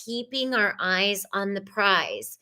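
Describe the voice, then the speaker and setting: A woman hosting a live tarot reading, animated and chatty, speaking straight to her viewers and swearing casually. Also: mid-range voice, takes it slowly.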